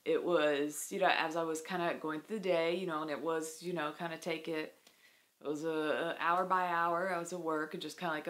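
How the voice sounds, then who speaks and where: A woman vlogger talking candidly to camera, halting, with many fillers and restarts. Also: low-pitched, little pitch movement. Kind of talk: candid personal talk to camera.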